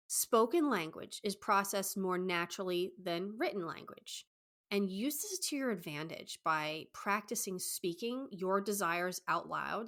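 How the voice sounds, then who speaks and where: A young woman, a dating coach, giving advice on her podcast in a fast, excited, enthusiastic way. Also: mid-range voice. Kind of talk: solo podcast advice talk.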